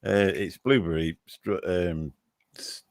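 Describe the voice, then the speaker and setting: Very deep-voiced rambling man. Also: fairly even intonation, takes it slowly, vocal fry, no room sound, clean studio sound. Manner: rambling, self-deprecating, sarcastic. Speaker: guest on live chat. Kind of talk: casual chat.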